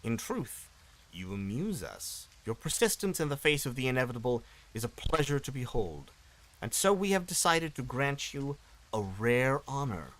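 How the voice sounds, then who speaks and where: A man voicing an ancient female demon queen in a raspy, slow and menacing voice. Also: mid-range voice, sing-song, fairly bright tone, poor audio. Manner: slow, drawn-out, looming delivery.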